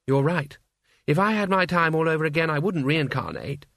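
A man's voice: fairly high pitch, normal speed, vocal fry, a bit bright, no echo. A man doing a placid old monk. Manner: placid, pleasant, chatty. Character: old, tiny, cheerful reincarnating monk.

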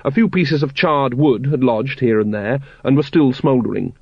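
Expressive male audiobook narrator, dry lo-fi sound. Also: medium pitch, moderate pace, no room sound. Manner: expressive, character-driven reading. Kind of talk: scripted narration. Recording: dull, lo-fi audiobook recording.

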